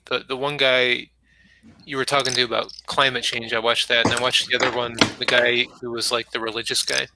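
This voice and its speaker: A man's voice: medium pitch, flat delivery, a little fast, heavy background noise. A man chatting casually during an online poker game, giving frank, rambling feedback full of fillers. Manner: frank, thinks aloud with many fillers.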